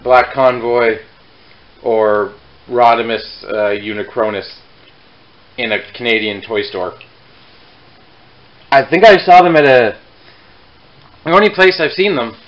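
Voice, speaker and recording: A man's voice: mid-range voice, fairly bright tone, poor audio. A young man casually reviewing a toy on his vlog, rambling and correcting himself mid-sentence with chatty asides.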